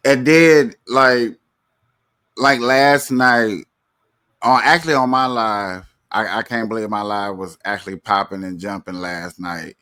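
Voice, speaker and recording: A man with a lowish, smooth voice that sounds pushed and bright speaks without hurrying. He's hosting a livestream in a relaxed, easygoing way, running the show and handing out points to guests in casual chat.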